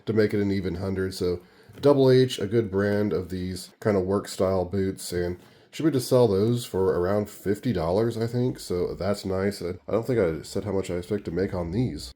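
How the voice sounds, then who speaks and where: A man talking through his thrift and garage sale finds in a casual, monotone way, with dry sarcasm. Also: deep voice. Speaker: reseller vlogger. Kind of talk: casual haul rundown.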